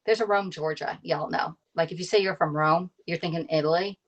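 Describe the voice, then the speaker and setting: A woman's voice: lowish voice, fairly even intonation, fairly quick, highs cut off. A woman in her thirties from Pennsylvania chatting casually with viewers while cooking on a live stream, laughing often and greeting people by name. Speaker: cooking live-streamer and kitchen tools consultant.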